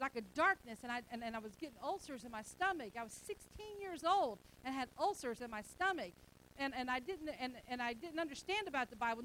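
A woman's voice: high voice, a bit bright, slight background noise, poor audio. A middle-aged woman pastor preaching a sermon, emphatic and repetitive, acting out bits of everyday dialogue.

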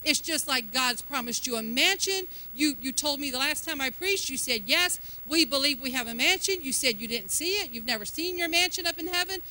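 Woman preacher, high and piercing, emphatic and folksy, questions the congregation. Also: lively intonation, a little fast, hardly any pauses, pushed and bright. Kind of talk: sermon.

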